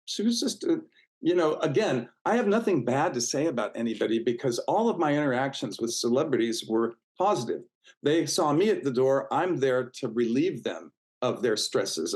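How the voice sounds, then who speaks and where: A man's voice: medium pitch, low-quality recording. A man in his sixties, a guest in a casual interview, telling stories in a chatty way with many fillers and restarts. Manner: warm, chatty, full of fillers and restarts, acts out quoted voices.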